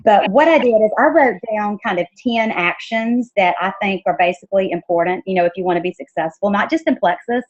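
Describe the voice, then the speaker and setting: An upbeat woman talks casually, slipping into voices for the people she quotes. Her pitch sits in a middle range. The audio is dull and lo-fi. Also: a little fast, few pauses. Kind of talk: casual chat.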